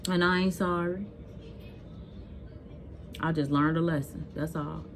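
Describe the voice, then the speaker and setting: A mother telling viewers a personal story in a casual vlog, blunt and scolding, animated and emphatic. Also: deep voice, a little slow, slight background noise.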